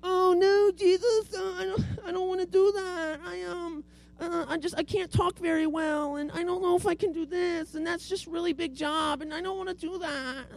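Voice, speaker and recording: A man's voice: very high-pitched, fairly even intonation, moderate pace, gravelly, voice pushed up. A man doing a whiny, stammering Moses. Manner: whining, stammering, pleading. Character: whiny reluctant adult man making excuses.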